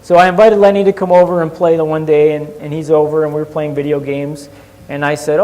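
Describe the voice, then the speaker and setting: Animated male pastor in an echoing hall. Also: a little high, fast. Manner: animated, shifting from hushed to lively. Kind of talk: sermon storytelling. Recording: long hall reverb.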